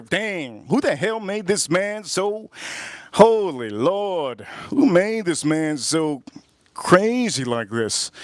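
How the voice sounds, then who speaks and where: A man hosting a casual livestream while grilling, rambling and repeating himself, with sudden loud bursts of emphasis. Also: on the high side, no echo, clean studio sound. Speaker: livestream host.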